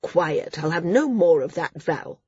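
A woman's voice: lowish voice, expressive, measured pace, darkish tone, slightly rough, no room sound, lo-fi sound, exaggerated voice. A woman voicing a stern, caring older teacher who speaks firmly, in a storybook reading. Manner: firm, commanding.

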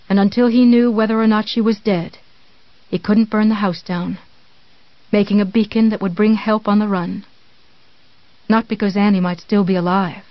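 A woman narrating a thriller novel in a measured, tense storytelling manner with dramatic pauses. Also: mid-range voice, dry recording. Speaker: audiobook narrator. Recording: dull, dry studio read.

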